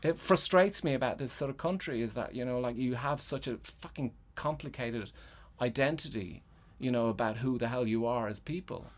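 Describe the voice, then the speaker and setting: A man's voice: medium pitch, moderate pace, few pauses. A middle-aged Irish man, a playwright, talking in a loose casual chat, rambling with lots of fillers and restarts and frequent swearing. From Ireland. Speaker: guest playwright. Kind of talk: casual conversation.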